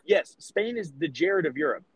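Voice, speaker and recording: A man's voice: on the high side, expressive, normal speed, husky, rough recording. A man in his thirties from the United States co-hosting a podcast, rambling and cursing as he argues his point. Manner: profane, rambling, emphatic. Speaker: podcast co-host. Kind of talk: casual podcast debate.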